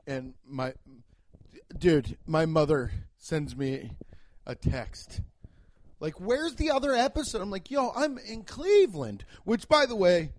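A young man talks his way through a casual comedy podcast monologue, swearing freely and rambling from one story to the next. His voice sits fairly high for a man, and it jumps up suddenly whenever he acts out a punchline. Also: a little mellow. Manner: profane, jokey storytelling with abrupt pitch jumps.

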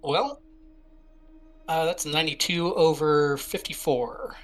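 A man's voice: on the high side, takes it slowly, fairly bright tone. A man playing a tabletop game, casually laying out his character's plan in detail. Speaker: player.

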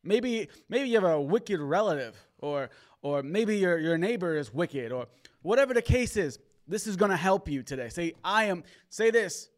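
A man's voice: high-pitched, expressive, moderate pace. A man co-hosting a church livestream, chatting casually and exhorting viewers with upbeat energy. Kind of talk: casual chat and preaching.

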